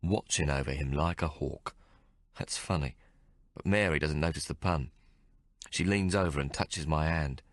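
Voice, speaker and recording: A man reads a first-person novel in a very low, deep voice, holding his pace measured and restrained. He is close on the mic in a dry booth with no room sound. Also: fairly bright tone, no room sound. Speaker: audiobook narrator. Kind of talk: first-person audiobook narration.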